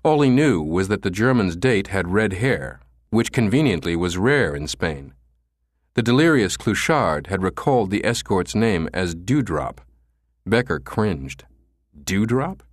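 Male audiobook narrator, low pitch, dry close recording, measured reading. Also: big pitch swings, no room sound. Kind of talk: scripted narration.

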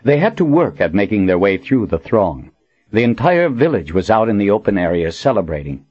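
Husky low-voiced male narrator. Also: big pitch swings, a little fast, a little mellow, lo-fi sound. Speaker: audiobook narrator. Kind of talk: scripted fantasy narration.

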